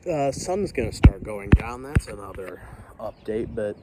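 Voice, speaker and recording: A man's voice: fairly low pitch, lively intonation, a little slow. A man filming a storm outside his house, rambling casually with jokey, self-deprecating asides. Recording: outdoor wind and storm noise.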